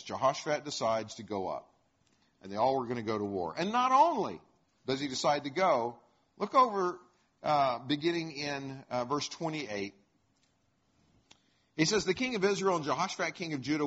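A man teaching a Bible lesson, retelling the story in a conversational, animated way with chuckles. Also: medium pitch, normal speed, husky. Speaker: preacher. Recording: dull lo-fi recording.

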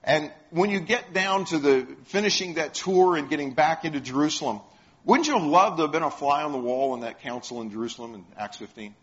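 A man's voice: on the high side, lively intonation, fairly quick. A man preaching a sermon, retelling stories and putting questions to the congregation. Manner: storytelling, asks the congregation questions. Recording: dull lo-fi sound.

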